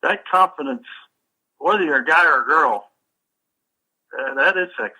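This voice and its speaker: A podcast guest spins his anecdotes with lively relish. His voice is strikingly bright and sharp, set a bit high for a man. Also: moderate pace, breathy edge, poor audio. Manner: animated anecdote teller. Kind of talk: casual chat.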